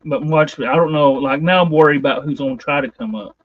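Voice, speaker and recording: Man, stream host, high voice, hesitant and rambling, muffled lo-fi audio. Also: fairly quick. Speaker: livestream host. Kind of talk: casual chat.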